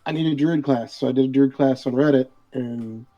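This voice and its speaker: A man's voice: mid-range voice, brisk, warm tone. A man who is a guest on a casual interview over a video call, talking in a hesitant way with many restarts. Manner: hesitant, full of fillers and restarts. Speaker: guest, game book author. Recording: dull lo-fi call audio.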